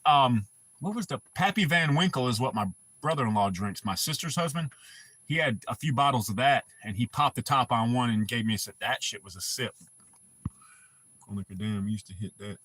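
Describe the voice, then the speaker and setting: A man with a bright, husky voice talks off the cuff to his livestream viewers. He rambles from one story to the next and swears freely. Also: medium pitch, lively intonation, normal speed, dry recording. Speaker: livestream host. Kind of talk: casual livestream chat.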